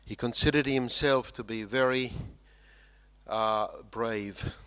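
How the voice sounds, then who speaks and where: A man from South Africa preaching a sermon, swinging from loud emphatic lines to quiet low ones and repeating phrases for weight. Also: steady tone, slow, clean tone.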